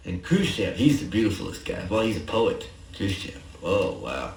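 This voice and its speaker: A man's voice: lowish voice, animated, brisk, gravelly, few pauses, darkish tone, far from the mic. A young man rambling through a story in a loose drawl that is thick with "uh" and "you know." He sits well back from the mic in an echoey apartment room. The old home tape carries a faint hiss. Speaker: songwriter giving commentary. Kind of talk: casual rambling anecdote.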